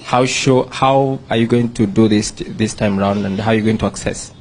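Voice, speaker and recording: A man's voice: lowish voice, fairly even intonation, normal speed, a little mellow, a little hiss or hum, poor audio. A man, a TV news reporter, asking a question hesitantly with fillers. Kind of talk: press conference question.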